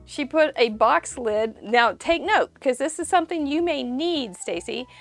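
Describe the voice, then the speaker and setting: A woman's voice: high-pitched, expressive, unhurried, soft background music. A woman hosting a live crafting stream, chatty and bubbly, greeting viewers by name and laughing often. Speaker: host of a live crafting show.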